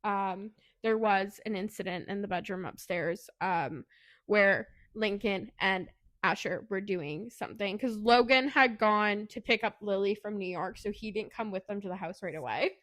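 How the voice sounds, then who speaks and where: A woman podcast co-host casually recapping a novel's plot, animated and giggly, acting out the characters' lines in a higher voice. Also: normal speed. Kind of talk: casual book recap chat.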